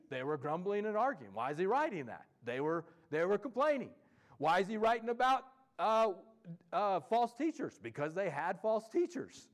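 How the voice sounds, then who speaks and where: A male pastor preaching a sermon in an animated, folksy way, acting out quotes. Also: sits high.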